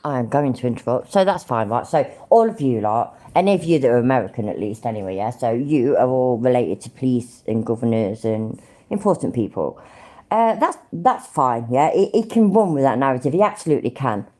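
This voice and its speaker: Low-voiced sarcastic British woman. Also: expressive, brisk, dark tone. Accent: British English. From Britain. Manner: sarcastic, sweary ranting. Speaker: livestream host. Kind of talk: live commentary reacting to clips.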